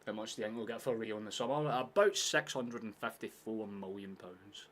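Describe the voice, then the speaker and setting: Casual male watchalong host, low and punchy, swears freely. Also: fairly quick, slight background noise. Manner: laid-back, swears often, sudden shouts at chances. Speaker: streamer hosting a football watchalong. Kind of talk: casual live watchalong chat.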